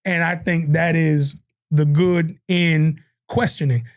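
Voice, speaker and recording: A man co-hosting a casual podcast, talking in animated, slangy bursts and acting out quotes. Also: a little high, takes it slowly. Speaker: podcast co-host.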